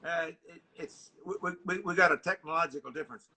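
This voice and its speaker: A man's voice: fairly high pitch, a little fast, hardly any pauses, noisy background. An older man coaching a horn player over a video call in a masterclass, singing rhythms in scat syllables. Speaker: horn teacher.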